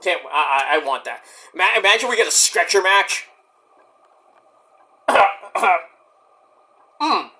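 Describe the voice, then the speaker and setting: A man's voice: high-pitched, expressive, slow, long pauses, sharp tone. A man reviewing shows, giving rambling, profane running commentary as he watches. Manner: rambling, profane, talks to himself about the action. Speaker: show reviewer.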